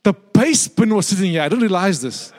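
A man's voice: high-pitched, big pitch swings, fairly quick, a little mellow. A man preaching a sermon as pastor, telling stories in a conversational, humorous way with asides to the congregation.

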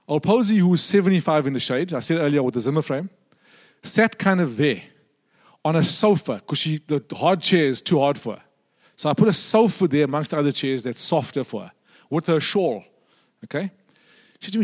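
A man's voice: on the high side, expressive, a little fast, long pauses. A man preaching a sermon as pastor, telling stories in a conversational, humorous way with asides to the congregation.

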